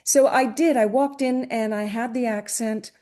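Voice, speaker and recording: Woman, middle-aged, from Greece, chatty storyteller, mellow voice. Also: on the high side, fairly even intonation, normal speed. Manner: chatty, many restarts and fillers. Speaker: guest, voice actress. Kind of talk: casual interview anecdotes.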